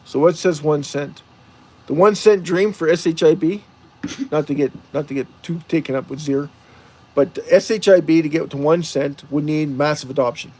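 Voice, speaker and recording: A man's voice: on the high side, moderate pace, darkish tone. A man hosting a livestream, rambling and putting rhetorical questions to the chat. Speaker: livestream host. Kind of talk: casual livestream talk to chat viewers.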